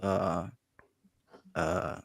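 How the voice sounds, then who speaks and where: Casting: male guest, gravelly fry, crude sarcasm, dry sound. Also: low-pitched, little pitch movement, extremely slow, dry recording. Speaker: podcast guest. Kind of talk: casual chat.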